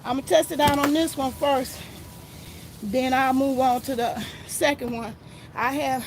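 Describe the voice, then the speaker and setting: A woman's voice: sits high, moderate pace, over loud music. A woman, filming herself outdoors in her garden on a phone and chatting casually to her viewers while she sprays her plants, a little out of breath. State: slightly out of breath. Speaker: gardening vlogger.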